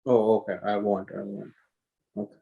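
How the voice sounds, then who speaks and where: A man's voice: fairly low pitch, level tone, normal speed, vocal fry, husky, phone-quality sound. A man learning a language in a one-on-one lesson, hesitant and full of fillers as he repeats after his teacher. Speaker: language student.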